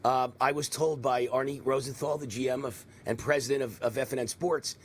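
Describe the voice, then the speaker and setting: A man in his sixties hosting a live political talk stream, with a faint New York accent and a rambling, animated manner full of mocking asides. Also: mid-range voice, brisk. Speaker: host.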